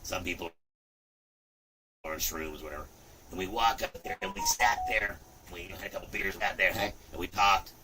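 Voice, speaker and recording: A man in his fifties hosting a livestream, chatting casually in an animated, rambling way, often saying "look" and "you know". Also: sits low, moderate pace, far from the mic, background noise. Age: 50s. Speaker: livestream host.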